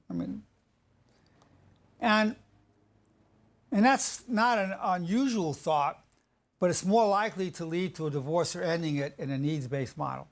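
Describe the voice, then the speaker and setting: Man, gravelly voice, slightly high, casual advice talk, acts out quotes. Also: a little slow, long pauses. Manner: conversational, acts out quoted couples, frequent restarts.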